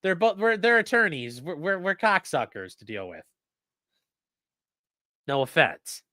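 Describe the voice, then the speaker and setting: Male attorney streamer, profane and blunt, lively and bright, dry close sound. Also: sits high, a little slow, no echo. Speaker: lawyer and streamer. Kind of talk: live-stream commentary reacting and reading chat.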